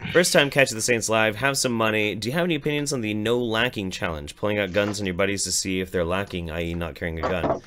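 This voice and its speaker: A man's voice: fairly low pitch, fast talker, hardly any pauses, background noise. A man co-hosting a casual livestream podcast, rambling and swearing as he tells stories. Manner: profane, rambling, animated storytelling. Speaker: podcast co-host.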